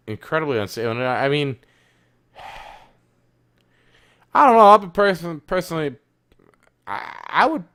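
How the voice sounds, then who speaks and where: A man co-hosting a casual gaming podcast, swearing a lot and swinging between loud outbursts and low muttering. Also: smooth. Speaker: podcast co-host. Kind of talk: casual chat.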